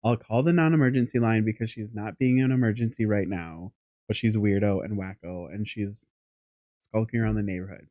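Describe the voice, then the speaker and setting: Casual, animated male podcast storyteller. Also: lowish voice, a little fast, no room sound, muffled recording. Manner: animated, rambling anecdote with casual swearing. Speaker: podcast co-host.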